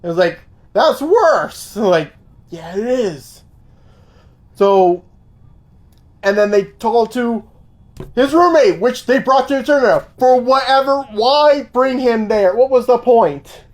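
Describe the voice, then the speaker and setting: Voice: medium pitch, slow pace, long pauses, a little mellow. Casual podcast host recapping a movie. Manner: casual plot recap, swearing. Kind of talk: casual movie review chat.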